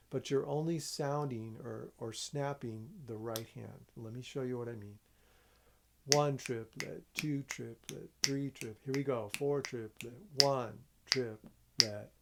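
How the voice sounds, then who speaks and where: A man's voice: mid-range voice, vocal fry, darkish tone, a little hiss or hum. A man teaching a music lesson, explaining rhythm step by step, counting aloud and checking in with his students.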